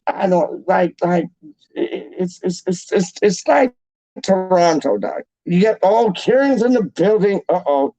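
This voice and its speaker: A man's voice: high voice, dark tone, no room sound, poor audio. A young man hosting a fan channel, chatting casually to viewers in a rambling, slangy way that repeats itself.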